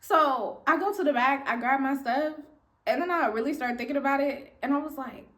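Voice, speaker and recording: A young woman telling a story from her life in casual chat, animated and playful, jumping up in pitch for emphasis. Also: a little fast.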